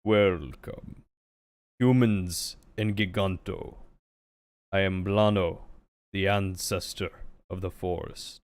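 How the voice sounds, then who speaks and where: A man voicing an ancient, wise forest elder, reading game dialogue slowly and solemnly over game music. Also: low voice, fairly even intonation, no echo. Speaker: player reading game lines aloud.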